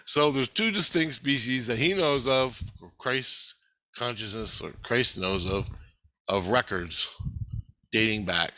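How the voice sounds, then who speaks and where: A man's voice: mid-range voice, slow pace, dry recording. A man rambling to the camera in a loose monologue, swearing constantly and often laughing. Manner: profane, rambling, excitable; laughs often while talking.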